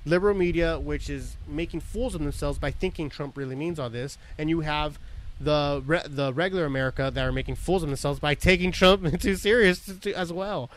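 A man's voice: a little high, brisk, slight background noise. A man hosting a casual podcast, rambling and swearing, often laughing as he talks. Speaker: podcast host.

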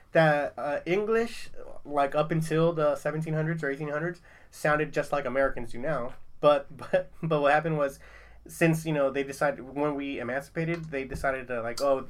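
A man hosting a casual chat, rambling and loose, laughing often and swearing casually. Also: fairly high pitch.

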